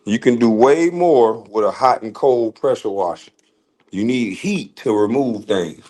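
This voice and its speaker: Here the same kind of profane rant comes in a medium-pitched, dark-toned voice that stays animated but unhurried. A male commentator fires back at online critics with blunt, curse-heavy remarks, laughing repeatedly as he goes.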